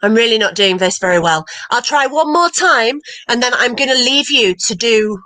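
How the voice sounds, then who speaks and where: A woman's voice: fairly high pitch, animated, moderate pace, bright, forceful tone, low-quality recording. A woman hosting an online comedy night over a video call, talking casually and hesitantly with many fillers and a self-deprecating manner. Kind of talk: casual live-stream hosting.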